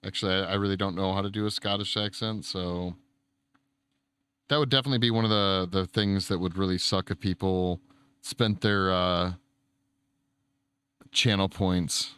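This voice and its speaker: A man's voice: sits low, steady tone, moderate pace, pauses often, fairly bright tone, clean tone. A man hosting a casual livestream, reading chat aloud and answering viewers, with easy swearing. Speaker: streamer.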